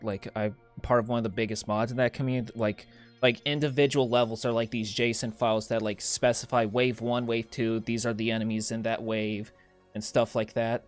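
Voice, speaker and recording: A man interviewing a game developer, asking questions in an excited, chatty way and laughing often. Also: medium pitch, smooth.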